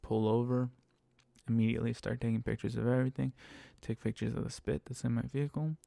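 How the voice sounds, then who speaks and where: A man with a gravelly, dark-toned voice tells a rideshare driving story in a casual monologue. He swears constantly and lays on emphatic exasperation. The sound is dry and close. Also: medium pitch, flat delivery, fast talker, no room sound. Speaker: rideshare driver telling stories.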